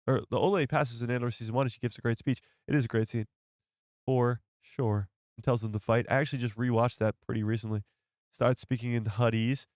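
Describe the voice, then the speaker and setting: A man's voice: medium pitch, dry recording, clean studio sound. A man hosting a casual live stream, chatting to viewers and laughing often.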